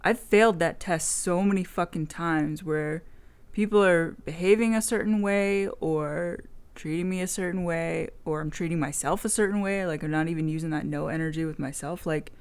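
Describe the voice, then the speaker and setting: Frank, swearing woman with a lowish voice. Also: moderate pace, a little mellow, clean tone. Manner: frank and swearing, rambling storytelling. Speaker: video blogger. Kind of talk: casual chat.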